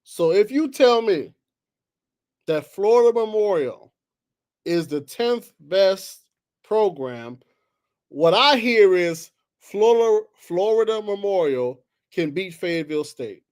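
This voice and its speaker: A man hosting a solo sports talk show, heated and exasperated, jumping from loud outbursts to low muttering. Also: lively intonation, slow, clear, resonant tone. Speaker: sports commentary host.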